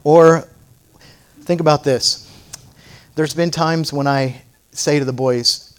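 A man's voice: on the high side, fairly even intonation, slow pace, long pauses, clean tone. A middle-aged man with a slightly raised voice delivers a sermon. He tells everyday stories in a playful, folksy way, then presses his point with fervent preaching. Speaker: pastor.

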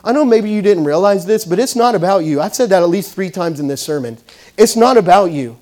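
A man preaching a sermon, telling a story and swinging between loud bursts and quiet asides. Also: sits high, lively intonation, fairly quick. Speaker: pastor.

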